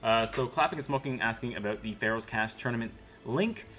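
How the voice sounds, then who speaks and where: A man's voice: medium pitch, a little fast, fairly bright tone. A man from Ontario, Canada, co-casting a card game stream, joking around and reading chat aloud with lots of ums and uhs. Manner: joking, filler-heavy, reads chat aloud.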